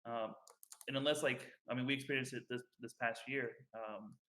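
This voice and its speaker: A man's voice: medium pitch, steady tone, normal speed, sharp tone. A young man co-hosting a podcast, chatting casually and rambling with many fillers and restarts. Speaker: podcast co-host. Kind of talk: casual chat.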